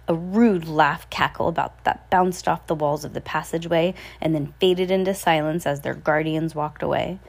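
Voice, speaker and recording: A woman reads a novel aloud in an unpolished, casual way. Her voice sits fairly low, and she stumbles and restarts now and then. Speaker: reader.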